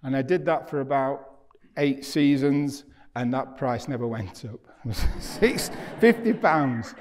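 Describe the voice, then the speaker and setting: A man's voice: mid-range voice, measured pace, darkish tone. A middle-aged man giving a public lecture as an artist, telling stories in a chatty, self-deprecating way. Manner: chatty storyteller, self-deprecating, acts out quoted dialogue. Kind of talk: anecdotal lecture to an audience. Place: university lecture hall.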